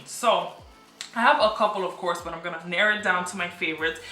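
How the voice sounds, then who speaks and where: A woman's voice: fairly low pitch, fast, bright, forceful tone, roomy sound, faint music behind. A young woman in her twenties chatting enthusiastically to camera in a casual vlog from her apartment. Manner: chatty, enthusiastic, repeats phrases for emphasis. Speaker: beauty and lifestyle vlogger. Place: apartment room.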